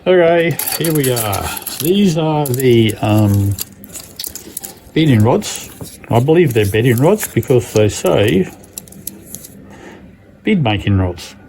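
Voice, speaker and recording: A man with a croaky, slightly worn voice hosts a hands-on craft tutorial, speaking casually and pausing often on ums and uhs. His pitch sits in an ordinary middle range, and a faint hiss of background noise runs under the recording. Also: big pitch swings, mellow, rough recording. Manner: hesitant, many ums and uhs. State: croaky voice from lingering illness. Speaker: glass fusing tutorial host.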